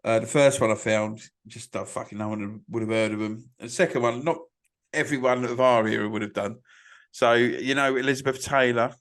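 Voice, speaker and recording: A man co-hosts a casual podcast at a middling pitch. He rambles between thoughts and swears freely, in a crude, offhand way. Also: fairly even intonation, a little fast, fairly bright tone. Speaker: podcast co-host. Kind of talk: casual chat.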